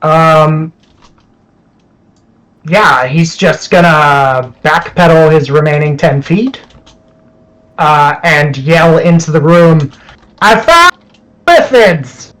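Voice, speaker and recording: A fairly high-voiced man taking his turn in a tabletop game, hesitant and unhurried. He fills the gaps with plenty of ums and uhs and speaks slowly. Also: fairly even intonation, a bit bright, rough recording. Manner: hesitant, lots of fillers, unhurried. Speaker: player. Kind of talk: casual tabletop game play.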